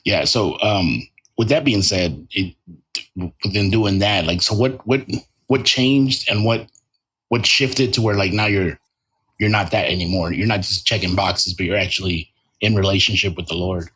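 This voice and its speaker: Host: low, husky-voiced man, easygoing interviewer. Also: normal speed, a bit bright. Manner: laid-back, many fillers and restarts. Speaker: podcast host. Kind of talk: casual interview.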